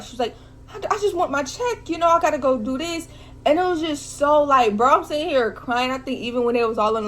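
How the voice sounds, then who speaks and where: A young woman recapping a film in a casual vlog, talking in an animated, slangy, emotional way. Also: on the high side. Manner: animated, slangy, emotional talk full of "like" and "bro". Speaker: vlogger reviewing a film.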